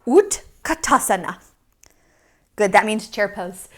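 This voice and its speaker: A woman from Michigan teaching yoga to young children, playful and animated as she talks to small kids. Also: a little high, measured pace.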